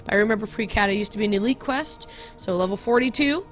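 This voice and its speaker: A woman's voice: medium pitch, fast talker, soft background music. A woman hosting a game video in casual, chatty commentary, giggling and often correcting herself.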